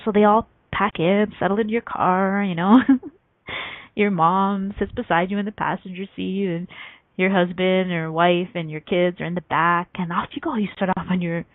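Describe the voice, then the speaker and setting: A woman hosting a motivational radio talk show, telling stories with lively acted-out voices and frequent laughter. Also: on the low side, moderate pace, no room sound. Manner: animated storytelling, acts out quoted voices; laughs often between points. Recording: tinny phone-like line, dry.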